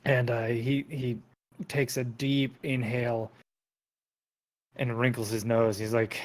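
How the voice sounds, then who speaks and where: A man runs a tabletop game as game master, narrating in a loose, casual way. His voice is at a middle pitch for a man. He pauses often and stumbles over his words. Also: little pitch movement. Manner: casual, with many fillers and restarts.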